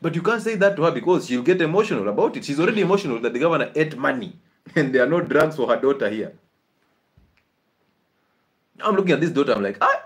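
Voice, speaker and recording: A man giving a live health talk in an animated, preachy way, laughing often. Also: a little high, racing. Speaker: health educator.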